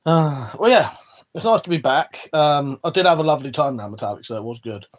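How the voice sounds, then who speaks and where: A fairly high, animated male voice moves a little fast as an Englishman hosts a casual stream. He reads chat indoors beside a weapon collection wall, swearing without restraint and rambling in self-interrupting bursts that trail off.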